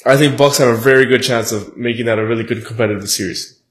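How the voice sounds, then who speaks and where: A man with a mid-pitched voice who talks fast and bluntly. He fires off crude jokes and hot takes in casual sports banter. It is a relaxed chat among friends. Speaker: podcast co-host.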